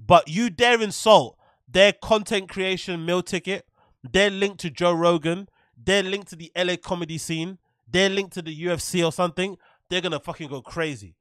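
A man comments on clips during his stream, sarcastic and full of swearing. His voice sits high for a man. The recording is dry and close, with no room echo. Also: normal speed, a bit bright. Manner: sarcastic, swearing, laughing often.

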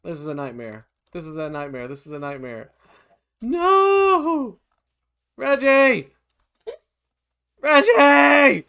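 A man hosting a video game let's play, chatting casually and often bursting into high-pitched shouts and laughter. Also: fast, hardly any pauses, clear, resonant tone. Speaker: gaming channel host.

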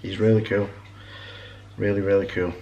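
Low-pitched, easygoing man; casual home vlog, indoors. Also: normal speed, dull audio, slight background noise. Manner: relaxed and easygoing, showing things around.

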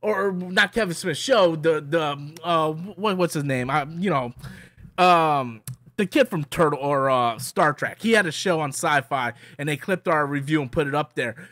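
Brief: higher-pitched male vlogger, dry close sound, rambling and opinionated, stumbles and restarts often. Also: moderate pace, a bit bright, no echo. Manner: rambling, many restarts and repeats; annoyed, opinionated. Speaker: movie reviewer. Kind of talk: casual ranting review.

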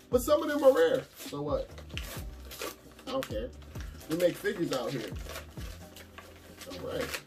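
A man chatting casually to his viewers while unboxing, slangy and talkative. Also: sits high. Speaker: vlogger unboxing anime figures. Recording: distant mic with music behind.

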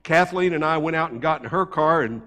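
A man's voice: fairly high pitch, a little fast, big-room sound. A male pastor delivering a sermon through conversational personal stories. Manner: conversational, animated anecdotes. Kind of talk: sermon storytelling. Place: church sanctuary.

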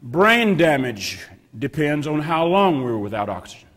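Man, pastor, sermon, slow deliberate delivery, emphatic repetition, long church reverb. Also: a little high, big pitch swings, a bit bright. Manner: slow, emphatic preaching with drawn-out repetitions and dropping to a whisper. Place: church sanctuary.

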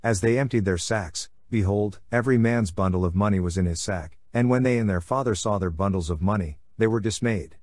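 Male host for a Bible reading, low and measured, close and dry. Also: no echo. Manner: measured, steady scripture reading. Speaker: Catholic podcast host reading scripture.

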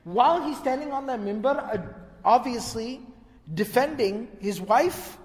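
Male lecturer with a high voice and long hall echo, animated storytelling that moves between Arabic quotations and translation. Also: measured pace. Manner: animated retelling, quoting Arabic text and translating.

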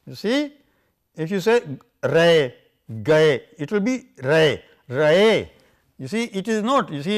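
An older man lecturing on how scripture words should be pronounced, halting and filling pauses with "uh" and "you see". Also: on the high side, very animated. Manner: halting, many fillers, keeps saying "you see". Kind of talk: academic lecture.

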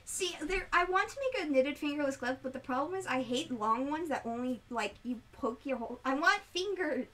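Brief: sleepy young woman streamer, high bright voice, a bit off-mic, rambles and giggles. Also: fairly quick, few pauses, distant mic, low-quality recording. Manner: rambling, giggly, animated storytelling. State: sleep deprived. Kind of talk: casual chat. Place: indoors on a couch at home.

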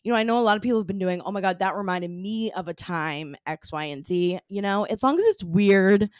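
A young woman co-hosting a podcast, chatting casually with lots of fillers and a bouncy, animated delivery. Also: a little fast, dry recording. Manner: chatty, lots of fillers, bubbly swings in pitch. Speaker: podcast co-host. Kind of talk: casual chat.

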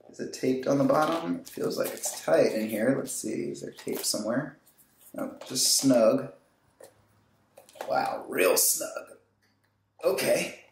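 A man's voice: on the high side, a little hiss or hum. A man hosting a casual unboxing, chatting with joking, self-mocking asides. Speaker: host. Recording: echoey room.

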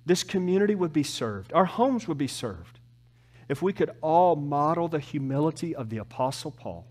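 A man preaching a sermon as pastor, with emphatic rises and soft, slow, drawn-out drops. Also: on the high side, animated. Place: church.

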